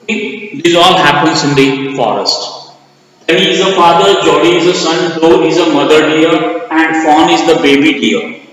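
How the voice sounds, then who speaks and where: Male teacher, highish voice, repeats points and quizzes himself, recorded in a cavernous reverberant room. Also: steady tone, normal speed, fairly bright tone. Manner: repeats key points, asks and answers his own questions; spells out words letter by letter. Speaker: English teacher. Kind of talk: recorded classroom lesson. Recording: very echoey hall, long reverb.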